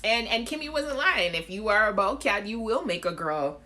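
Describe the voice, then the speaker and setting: A woman's voice: medium pitch, expressive, moderate pace, sharp tone. A woman hosting a live chat show, talking casually to viewers, reading out their comments and laughing. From Caribbean.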